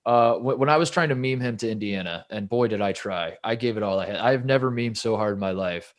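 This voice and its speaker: A man's voice: lowish voice, brisk. A man co-hosting a casual sports podcast, rambling and self-deprecating, often restarting his sentences. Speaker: podcast co-host.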